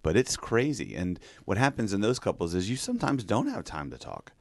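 A man talking as a marriage counselor on a podcast, calm and measured, coaching a couple. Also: lowish voice, gravelly, no echo. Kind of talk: podcast conversation, giving advice.

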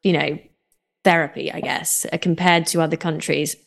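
A woman hosting a casual podcast interview, relaxed and hesitant, with many fillers. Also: deep voice, moderate pace, vocal fry. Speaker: podcast host.

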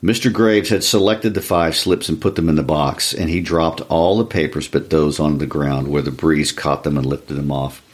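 A man reading a short story aloud in a calm, even storytelling manner, shifting his voice for each character. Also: a bass voice, moderate pace, few pauses. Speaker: reader.

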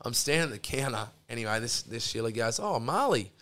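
A middle-aged man with a broad Australian accent telling a long, loose yarn as a podcast guest. He swears freely and keeps circling back with restarts and asides, in a voice of ordinary middle pitch. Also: fairly even intonation, fast talker, fairly bright tone, smooth. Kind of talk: casual storytelling yarn.

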